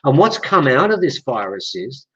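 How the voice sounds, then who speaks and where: A man's voice: medium pitch, normal speed, slightly rough. Australian man telling a story on a dull recording. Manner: retells dialogues with lively voiced quotes. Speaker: guest. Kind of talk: animated storytelling in conversation.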